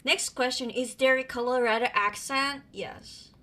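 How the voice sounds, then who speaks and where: Woman, Japanese accent, live-stream chat, mixes two languages, bright sharp tone. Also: high voice, steady tone, unhurried, a little hiss or hum. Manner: chatty, mixing Japanese and English.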